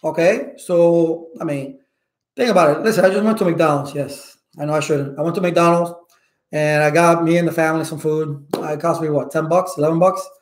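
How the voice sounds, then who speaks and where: Loud, emphatic man with a fairly high voice. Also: steady tone, fairly quick, roomy sound. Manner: loud and emphatic, keeps asking "okay?". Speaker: IT certification instructor. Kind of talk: casual advice to viewers.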